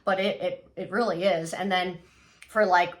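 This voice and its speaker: A woman guest in a casual chat, talking earnestly and trailing off softly, with many filler words. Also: on the low side, fairly even intonation, normal speed.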